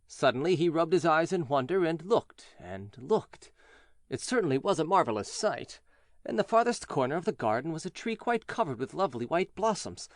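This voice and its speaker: A man narrating a fairy tale for English learners in a clear, measured, expressive way. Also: a little high, no echo, clean studio sound. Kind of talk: storybook reading for English learners.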